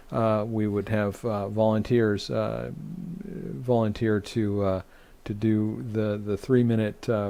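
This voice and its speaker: Halting, gravelly-voiced rabbi teaching Torah. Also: male voice, lowish voice, a little mellow. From United States. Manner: halting, many "uh" fillers and restarts. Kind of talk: online Torah study teaching.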